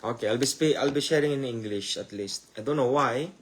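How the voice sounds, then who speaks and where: A Filipino preacher, a native Tagalog speaker with a Filipino accent, teaches the Bible in English on a live stream, loose and conversational, often starting phrases over. He keeps addressing listeners as "my dears" and repeats rhetorical questions. His mid-range voice runs a little fast against background noise.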